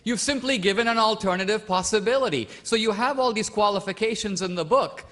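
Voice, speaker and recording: A man's voice: high-pitched, fairly quick, fairly bright tone. A man from India arguing a point in a formal stage debate, insistent and full of pointed questions. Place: debate stage before a live audience.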